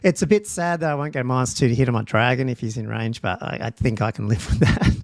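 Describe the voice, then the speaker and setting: A man's voice: medium pitch, quick pace, no echo, clean studio sound. A man hosting a livestream podcast, reading out rules and thinking aloud in a loose, casual way with ums and restarts. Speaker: podcast host.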